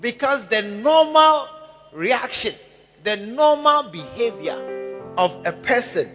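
A man's voice: sits high, a bit bright. A man preaching a sermon in a church hall, acting out phone calls and prayers. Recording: music and long hall reverb.

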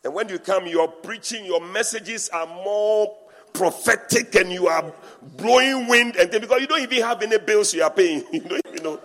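Animated preacher man in an echoing hall. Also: high voice, moderate pace. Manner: animated preaching with laughter and mimicry of church talk. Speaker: pastor. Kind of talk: sermon. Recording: reverberant hall.

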